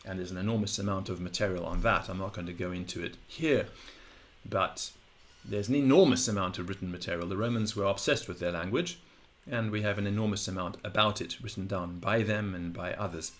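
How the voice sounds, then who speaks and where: A man who speaks English natively, teaching in a patient, digressive style and slowly drawing out example words. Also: sits low. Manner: patient, digressive explaining with slow drawn-out model words. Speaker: Latin teacher. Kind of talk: explanatory audio lesson.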